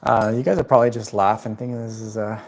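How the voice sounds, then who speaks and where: A man's voice: on the low side, fairly even intonation, fast talker, noisy background. A man hosting a casual plant livestream from home, chatting loosely with viewers in a rambling way. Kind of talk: casual livestream chat answering viewer questions. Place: at home indoors.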